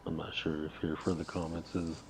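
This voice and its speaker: A man's voice: a bass voice, little pitch movement, slight background noise. A man co-hosting a casual talk show with a laid-back manner. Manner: laid-back, quick to laugh. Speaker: podcast co-host. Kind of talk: casual chat.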